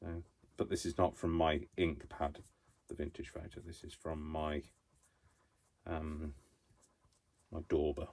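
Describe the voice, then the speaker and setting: A man's voice: rumbling low, level tone, a little slow, gravelly, pauses often, a little mellow. A man chatting while he crafts in his home craft room, rambling and poking fun at himself as he works. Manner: rambling, self-mocking, talks to himself while working. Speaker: craft vlogger.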